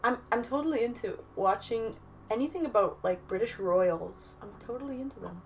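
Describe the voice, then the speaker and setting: A woman's voice: fairly high pitch, expressive, normal speed, slight background noise. A woman livestreaming and casually answering her chat aloud, rambling and chatty with some swearing. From Canada.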